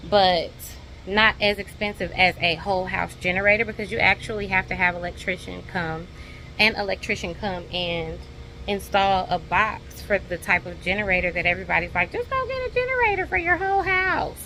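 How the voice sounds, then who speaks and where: A woman's voice: medium pitch, a little hiss or hum. A woman, chatting casually to her viewers in a home vlog recorded on a phone. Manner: chatty, warm toward viewers, says y'all. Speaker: homestead vlogger. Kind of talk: casual vlog talk to camera. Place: outdoors in her garden at night, then indoors at home.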